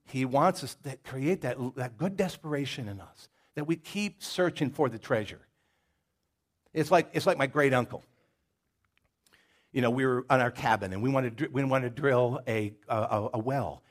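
A man's voice: medium pitch, moderate pace. A man preaching a sermon in a folksy, conversational way, with jokes and stories and a Southern US accent. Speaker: pastor. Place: church.

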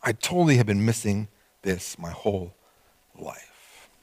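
A male pastor preaching a sermon, animated and conversational, acting out quoted voices with small laughs. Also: on the low side, a little slow, no room sound.

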